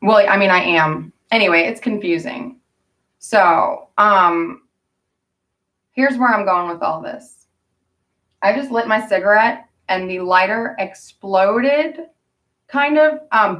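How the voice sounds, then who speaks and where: A woman's voice: medium pitch, a bit bright, distant mic. A woman vlogging in a rambling, indignant and emotional way. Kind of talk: casual rambling vlog monologue.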